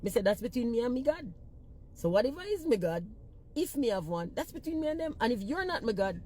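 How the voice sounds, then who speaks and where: A woman's voice: on the high side, big pitch swings, fairly quick, mellow, a little hiss or hum. A woman with a thick Jamaican Patois accent, a singer-songwriter ranting bluntly and with profanity in a casual social media talk.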